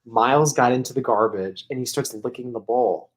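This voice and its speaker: Here a male podcast co-host, mid-range in pitch and speaking at a normal pace, drifts through a long informal story. His telling is rambling and heavy on "like," with laughter mixed in.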